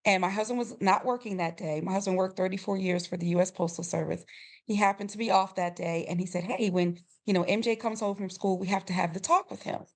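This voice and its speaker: Middle-aged woman on a podcast, expressive storyteller, acts out voices, laughs a lot. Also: medium pitch, fast. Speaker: podcast guest, grief coach. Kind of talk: storytelling in a conversational interview.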